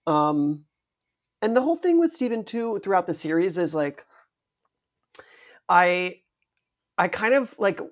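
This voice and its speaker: Podcast co-host, medium pitch, rambling and playful, animated delivery. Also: a little slow, pauses often, highs cut off. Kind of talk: casual discussion of a TV series.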